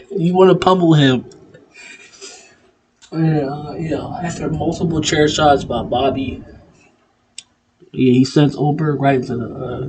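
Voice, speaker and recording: A man giving a casual wrestling recap, animated, laughing often and swearing, with lots of fillers. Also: medium pitch, a little hiss or hum, poor audio. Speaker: wrestling commentator vlogger.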